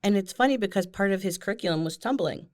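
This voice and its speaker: A woman's voice: medium pitch, lively intonation, fast talker. A middle-aged woman from Ohio, a guest telling school stories in a chatty, self-deprecating way, often laughing. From Ohio, USA. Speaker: guest, school board member. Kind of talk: casual storytelling interview.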